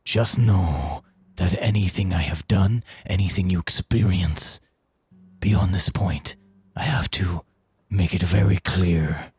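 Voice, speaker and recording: A man's voice: low-pitched, slow pace, a little mellow, slightly rough, no room sound, pitched below the performer's own voice, heavily acted. A man doing a passionate older mentor. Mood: earnest. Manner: earnest, passionate, warning. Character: intense, loving older male mentor.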